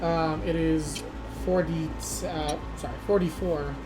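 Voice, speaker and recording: A man narrating a tabletop game as game master, relaxed and full of fillers, in a noisy recording. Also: on the high side, measured pace, over loud music.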